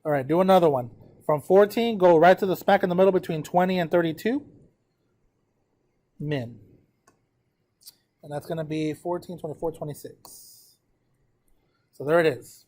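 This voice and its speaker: A man's voice: on the high side, moderate pace, pauses often, darkish tone. A man teaching a math class, walking students through a graph step by step, counting numbers aloud and often checking that they follow.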